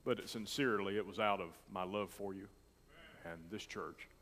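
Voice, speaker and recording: Emotional preacher in a reverberant church. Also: male voice, fairly low pitch, steady tone, normal speed. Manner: emotional, swinging from loud declaring to soft near-whispers. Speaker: pastor. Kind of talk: sermon.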